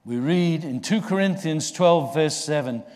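A man preaching a sermon, slow and earnest, rising in force for emphasis. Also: fairly high pitch, lively intonation, darkish tone. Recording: long reverb of a large hall.

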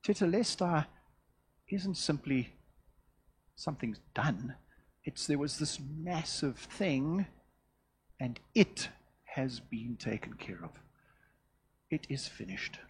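A man preaching a sermon, measured and deliberate, swinging from loud emphasis to hushed, quiet endings. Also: medium pitch, expressive, a little hiss or hum. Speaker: pastor.

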